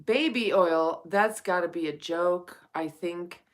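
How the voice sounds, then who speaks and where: A woman's voice: lowish voice, slow pace. A woman live streaming at night, chatting casually with viewers and calling them honey and darling.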